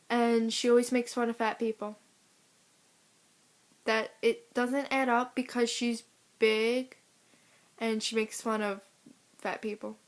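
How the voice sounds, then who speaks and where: A teenage girl vlogging to camera, venting with exasperated indignation. Her voice sits fairly high, and she takes her time, drawing words out slowly as she builds her complaint. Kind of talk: casual ranting to camera.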